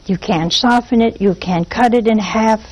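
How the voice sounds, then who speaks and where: A woman preaching a sermon, animated and throwing rhetorical questions at her listeners. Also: fairly high pitch, normal speed, rough recording.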